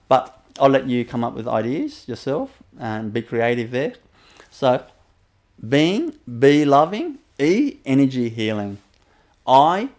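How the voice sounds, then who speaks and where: Gentle and repetitive, a spiritual teacher guides a webinar audience through meditation in a mid-range male voice. Soft laughter and plenty of fillers run through his guided talk.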